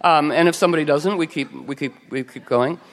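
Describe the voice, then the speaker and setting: A woman's voice: sits low, fairly quick. Playful, chatty woman storyteller with a meandering delivery, recorded with long reverb. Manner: rambling, playful, full of "you know" and restarts. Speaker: radio show host, telling anecdotes as a guest. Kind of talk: casual storytelling chat.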